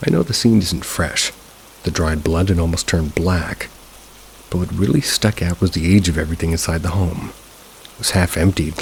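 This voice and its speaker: A man narrating a first-person paranormal story in a steady, low-key manner. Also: a little hiss or hum, rough recording. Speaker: narrator of submitted paranormal stories.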